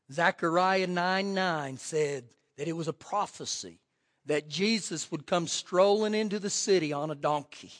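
A man pastor preaching a fervent sermon, swinging from shouts to hushed asides. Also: sits high. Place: church sanctuary.

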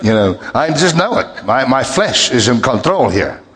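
A man's voice: moderate pace, big-room sound. A male pastor preaching a sermon, telling a story and acting out the dialogue with big jumps in his voice. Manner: animated, acts out dialogue with big pitch jumps.

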